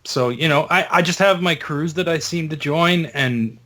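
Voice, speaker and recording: A man co-hosting a gaming podcast, chatting in a relaxed, easygoing way. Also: fairly high pitch, moderate pace. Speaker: podcast co-host. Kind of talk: casual gaming chat.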